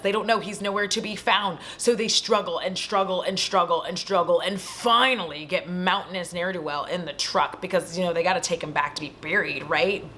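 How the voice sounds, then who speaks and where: Speaking at normal speed with few pauses, a woman with a lowish voice recounts a horror film from home for her vlog. Her telling is lively and profane, and she keeps chatting directly to her audience along the way.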